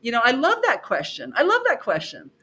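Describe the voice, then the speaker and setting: A middle-aged woman, a professor guesting on a podcast, telling stories about her classes in an expressive way, acting out her students and repeating herself for emphasis. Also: on the high side, brisk, slightly rough. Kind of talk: animated conversational storytelling.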